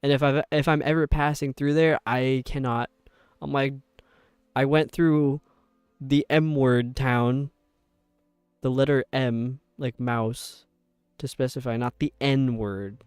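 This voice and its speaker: A young man with a New York accent chatting casually with viewers while streaming, rambling and sounding out words slowly. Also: medium pitch, steady tone, clean tone, no echo. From upstate New York. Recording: dry close mic with faint game music.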